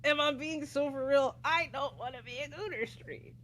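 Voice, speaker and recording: A woman's voice: high-pitched, normal speed, fairly bright tone. A woman co-hosting a livestream in easygoing, chatty talk, laughing often. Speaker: livestream co-host. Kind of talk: casual livestream chat.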